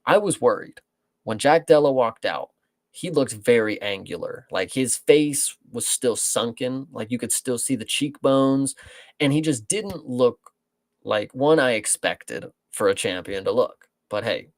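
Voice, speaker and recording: A man's voice: medium pitch, a little slow, no echo. A man co-hosting a casual sports talk show, rambling and swearing freely as he breaks down the fights. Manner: profane, rambling, animated. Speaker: podcast co-host.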